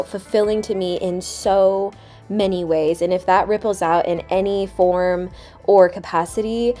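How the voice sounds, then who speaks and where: Young female vlog host, mid-pitched, tender and gushing voiceover over light music. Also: mellow. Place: voiceover recorded separately from footage.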